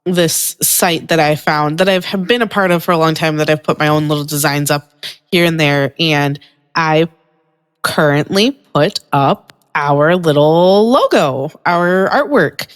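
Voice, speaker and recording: A woman co-hosting a casual podcast, speaking slowly and deliberately with frequent pauses. Her voice is fairly low for a woman, and a long reverb trails behind her words. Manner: measured, with frequent ums. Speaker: podcast co-host. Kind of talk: casual chat.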